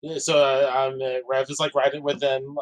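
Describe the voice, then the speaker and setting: A man's voice: mid-range voice, little pitch movement, normal speed. A man playing a tabletop game, speaking hesitantly with many fillers. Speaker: player. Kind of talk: casual tabletop game play.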